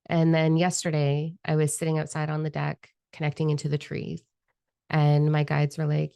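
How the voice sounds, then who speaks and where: Low gravelly woman telling a story. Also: completely flat delivery, moderate pace, dark tone, no echo, lo-fi sound. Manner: chatty, self-deprecating, laughs often. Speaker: spiritual vlogger. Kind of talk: casual storytelling monologue.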